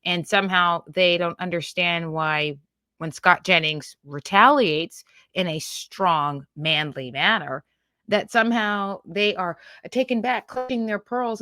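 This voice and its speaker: Woman, political commentary host, low voice, blunt, scornful, dry close sound. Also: bright, forceful tone, no echo. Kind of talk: reacting to a news clip.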